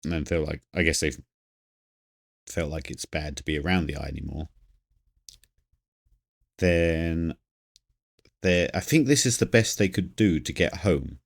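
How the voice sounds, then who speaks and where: A man's voice: extremely low pitch, a little slow, vocal fry, pauses often. A man streaming a game, thinking aloud and rambling as he plays and chats with viewers. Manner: reads chat aloud. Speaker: gaming streamer. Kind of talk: live game commentary.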